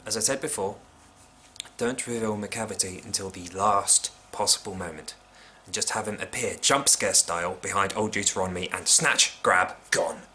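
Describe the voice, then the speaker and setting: A man vlogging a casual, opinionated critique with a wry tone, often dropping into hushed asides. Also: low voice, normal speed, slight background noise. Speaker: vlogger reviewing a film.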